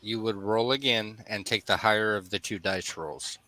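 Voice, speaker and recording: A male dungeon master gives quick, dry rulings to his players. His voice is a touch low but bright and firm. The sound is dry and close. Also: dry recording, rough recording. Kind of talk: casual tabletop game chat.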